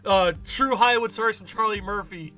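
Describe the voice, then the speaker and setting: A man hosting a podcast who breaks in with excited comments and laughs a lot. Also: sits high, a little fast, poor audio. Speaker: podcast host. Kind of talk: casual chat.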